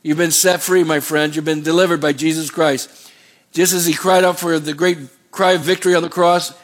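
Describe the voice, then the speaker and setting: A man's voice: fairly high pitch, steady tone, fairly quick. A middle-aged man preaching a sermon, emphatic and rhythmic, asking the congregation to finish his lines. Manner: emphatic preaching, call-and-response questions. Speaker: pastor.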